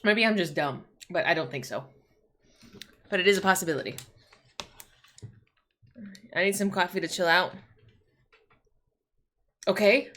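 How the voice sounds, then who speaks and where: A woman's voice: on the low side, measured pace, pauses often, a bit bright, slight background noise. A woman streamer chatting casually at home, ranting in exasperation, swearing and restarting her sentences. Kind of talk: casual livestream chat.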